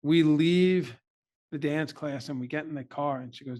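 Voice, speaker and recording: Man, slightly higher voice, heartfelt storyteller, candid interview guest. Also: normal speed, darkish tone. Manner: earnest, emotional personal storytelling. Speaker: podcast guest.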